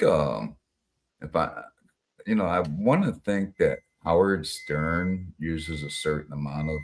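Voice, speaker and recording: A man hosting a live stream, chatting casually and rambling with many fillers and casual swearing. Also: very deep voice.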